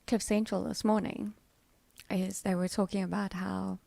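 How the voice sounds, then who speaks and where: Woman, middle-aged, livestream host, chatty and rambling, gravelly, dry. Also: medium pitch, level tone, normal speed, mellow, no echo. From South Africa. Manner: chatty, laughing, rambling with fillers. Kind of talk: casual livestream chat.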